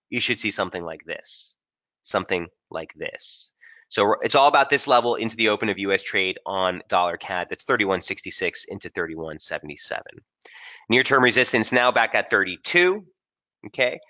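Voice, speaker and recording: Bright-voiced man walking through trading charts. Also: fairly low pitch, muffled recording. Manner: casual and energetic, talks straight to viewers as "guys". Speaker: technical strategist hosting a trading webinar. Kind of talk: live market analysis over charts.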